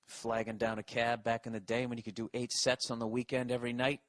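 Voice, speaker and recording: A man with a Boston accent telling a long story on his podcast, rambling and swearing, growing animated as he goes. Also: medium pitch, quick pace, no room sound, studio quality. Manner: profane, animated, rambling with restarts. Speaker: podcast host. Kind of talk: storytelling monologue.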